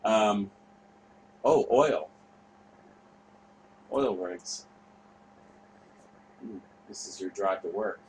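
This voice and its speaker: A man's voice: fairly low pitch, very slow, long pauses, slight background noise, poor audio. A man, hosting a casual online tour and rambling through a profane story with mumbled asides. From Canada. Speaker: host. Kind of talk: casual chat while touring by map screen.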